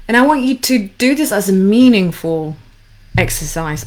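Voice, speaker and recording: A woman coaching listeners through a guided forgiveness exercise, speaking calmly with slow, repeated instructions. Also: medium pitch. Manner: calm, slow, repetitive instructions. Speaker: anxiety coach.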